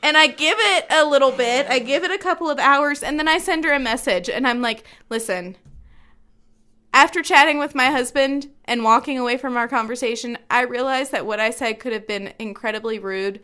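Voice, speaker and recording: A woman co-hosting a casual podcast chat, telling a story in an animated, self-mocking way and laughing often. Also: high-pitched, a little fast, clean tone. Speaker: podcast co-host.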